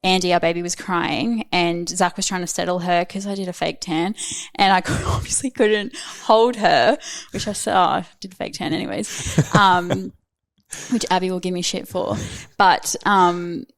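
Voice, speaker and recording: Woman around thirty, podcast guest, candid and chatty, lowish voice, dry close sound. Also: steady tone, moderate pace, no room sound. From Australia. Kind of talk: casual interview chat.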